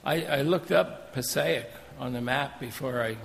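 Male missionary preacher, sermon delivery, gravelly tone, echoing sanctuary. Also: medium pitch, unhurried, slight background noise. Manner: animated, storytelling, jokey asides. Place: church sanctuary.

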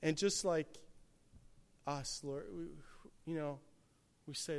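A man preaching a sermon, swinging from hushed, quiet passages to loud, emphatic peaks. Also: a little high, takes it slowly, long pauses, clean tone.

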